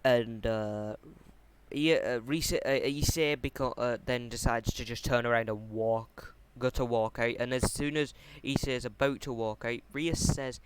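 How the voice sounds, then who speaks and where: A man casually retelling a fan story off the cuff, halting often with fillers, restarts and casual swearing. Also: mid-range voice, steady tone, noisy background.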